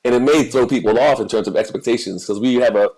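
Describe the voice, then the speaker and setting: Talking fast in a medium-pitched voice that's darkish and slightly rough, this American man co-hosts a podcast, chatting casually about football and celebrity gossip. He often repeats words as he hunts for the right ones. The recording quality is low.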